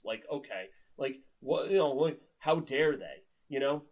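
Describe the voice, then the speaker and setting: A man's voice: on the high side, very animated, normal speed, few pauses, poor audio. A man giving a casual, exasperated book review, sarcastic, swearing often and filling his talk with "like". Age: 30s.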